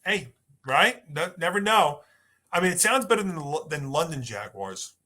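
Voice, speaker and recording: Bright-voiced man talking sports. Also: on the high side, animated, normal speed. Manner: chatty, rambling with restarts. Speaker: podcast co-host. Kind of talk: casual sports talk.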